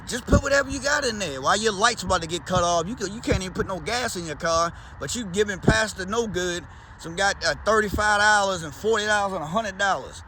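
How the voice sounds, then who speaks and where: High, bright-voiced Baltimore man rambling. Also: a little fast. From Baltimore, USA. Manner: loose, slangy and talkative. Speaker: vlogger. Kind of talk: casual rambling chat.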